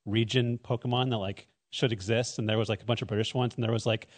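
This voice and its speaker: Podcast cohost rattling off a story super fast, lots of likes and uhs. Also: medium pitch, fairly even intonation. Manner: rapid storytelling with fillers. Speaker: podcast co-host. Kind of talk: casual chat.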